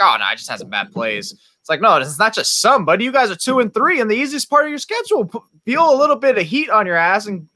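Brief: male panelist, sharp bright tone, blunt and scornful, dry close sound. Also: high voice, no echo. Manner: blunt, exasperated, mocking. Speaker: podcast panelist. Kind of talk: heated sports talk.

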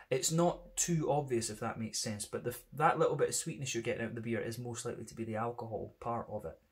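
A man with a Scottish accent reviewing beer in a casual, rambling monologue, full of "kind of" and "sort of" fillers. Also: mid-range voice.

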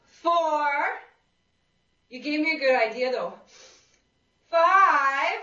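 A high-pitched woman draws out her words with lively intonation and a sharp tone. She's running a live seated exercise session, cheering the class on and calling counts in an upbeat, encouraging way, with the group present in the exercise room. The echoey recording comes from a dull lo-fi mic placed at a distance.

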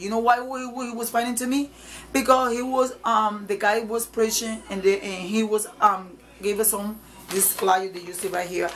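A woman's voice: mid-range voice, slight background noise, low-quality recording. A woman evangelist preaching informally to camera, emphatic and repetitive, in nonstandard English.

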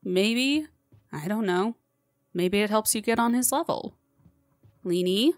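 A woman's voice: mid-range voice, animated, slow pace, no echo, clean studio sound. Chatty woman narrating her gameplay. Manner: chatty, coaxing the game monster like a pet; frequent laughter. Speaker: gaming channel host. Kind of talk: let's play commentary.

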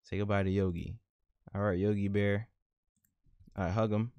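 Brief: male gaming host with a low voice, dry close mic, casual slangy commentary. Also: normal speed, no echo. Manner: animated, slangy, laughs at his own jokes. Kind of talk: casual let's-play commentary.

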